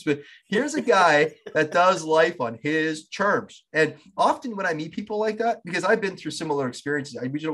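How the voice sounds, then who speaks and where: Reflective, affirming podcast host. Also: male voice, on the high side, fairly bright tone. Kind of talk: interview conversation.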